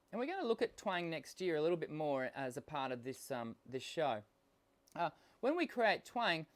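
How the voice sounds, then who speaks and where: An Australian man hosting a live singing lesson, talking casually with lots of ums and restarts while unwell and coughing now and then. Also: sits high. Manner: chatty, explanatory, many fillers and restarts. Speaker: host and voice coach.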